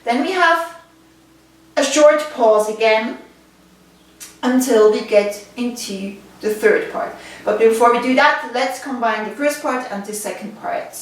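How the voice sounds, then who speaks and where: Slow-talking woman teaching in an echoey room. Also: fairly high pitch. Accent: Swiss German. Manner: patient, counting rhythms aloud, checks in with listeners. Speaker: body percussion teacher. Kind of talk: instructional video lesson. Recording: very echoey room, distant mic, faint noise.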